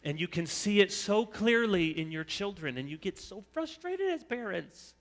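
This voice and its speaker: A man preaching a sermon as pastor, animated, dropping into high whiny voices to mimic complainers. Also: normal speed, few pauses. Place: church sanctuary. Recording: long church hall reverb.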